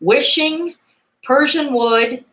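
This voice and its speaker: A woman in her fifties chatting casually in a vlog, rambling and hesitant with many fillers and soft chuckles. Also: sits high, drawn-out words. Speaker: vlogger. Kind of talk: casual nostalgic chat.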